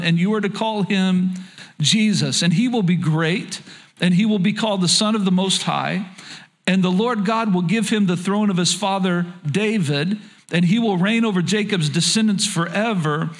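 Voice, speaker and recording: A man's voice: sits high, moderate pace, fairly bright tone. A man preaching a sermon as pastor, earnest and conversational, often repeating words as he reads and explains scripture.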